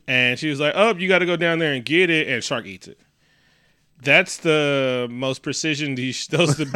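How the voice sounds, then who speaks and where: A man co-hosting a casual movie recap chat, profane and animated, acting out the characters in loud voices. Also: a little high, smooth, no room sound, clean studio sound. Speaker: podcast co-host.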